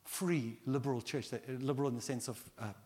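A middle-aged man preaching a sermon as pastor, animated and acting out quoted prayers. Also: mid-range voice, fast. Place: large church hall. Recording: long hall reverb.

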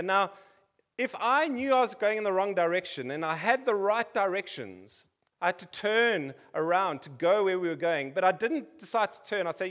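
A South African preacher in his forties delivers a sermon in a high, fairly bright, expressive voice at a moderate pace. He keeps it conversational, tossing wry jokes and asides to the congregation.

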